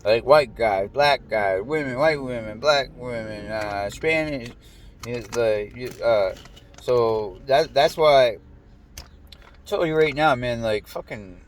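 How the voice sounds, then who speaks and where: A podcast host rambles through a personal story in loose, looping sentences packed with fillers, swearing freely. His pitch stays in an ordinary middle range and he takes his time, but he's animated, jumping into a sharper, raised voice whenever he quotes someone. There's slight background noise.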